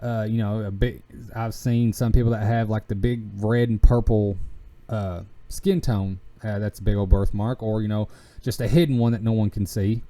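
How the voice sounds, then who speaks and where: With a lowish, warm voice and fairly even intonation, a Southern country-accented podcast host rambles casually. His speech is halting and packed with fillers and restarts.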